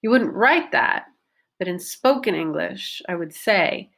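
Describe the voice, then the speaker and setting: A woman teaching pronunciation, talking slowly and carefully and repeating example sentences. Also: lowish voice, lively intonation, gravelly, a bit bright. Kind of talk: unscripted pronunciation lesson.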